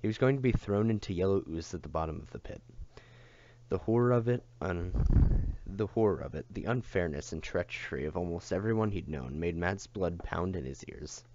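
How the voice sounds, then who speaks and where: Low-voiced man reading a novel aloud. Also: animated, moderate pace, warm tone, no echo, dull audio. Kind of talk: audiobook reading.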